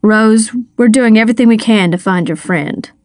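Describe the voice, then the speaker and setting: A woman reading an audiobook, voicing a steady, businesslike male sheriff. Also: a little high, moderate pace, no room sound, clean studio sound, natural voice. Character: male small-town sheriff, calm and commanding. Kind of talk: audiobook character voice.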